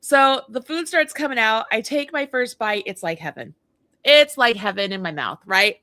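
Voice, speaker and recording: A middle-aged woman co-hosting a casual chat show, telling a story in an animated way, acting out the dialogue and laughing often. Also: fairly high pitch, normal speed, no echo. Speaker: co-host.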